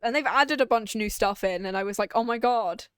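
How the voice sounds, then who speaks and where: A woman's voice: mid-range voice, quick pace, clean tone, no echo, studio quality. A young woman streamer chatting casually while she plays a game, rambling, giggling and easily sidetracked. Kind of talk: casual let's-play chat.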